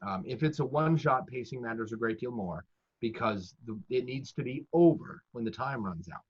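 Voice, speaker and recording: Husky-voiced man with dull lo-fi audio. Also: medium pitch, expressive, moderate pace. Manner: chatty, self-deprecating. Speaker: professional dungeon master guest. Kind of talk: casual advice-giving conversation.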